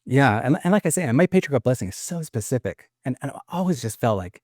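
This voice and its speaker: Earnest male guest, mid pitch, rambling testimony full of restarts, emotional, dry close mic. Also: big pitch swings, quick pace, hardly any pauses, darkish tone, no echo. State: choked up with emotion. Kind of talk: emotional testimony in casual conversation.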